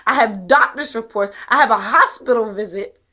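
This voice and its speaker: A woman's voice: a little high, moderate pace, bright, forceful tone. A mother talking straight to the camera in an intense, emphatic way, blunt and swearing, pressing her point with rhetorical questions. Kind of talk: direct-to-camera monologue.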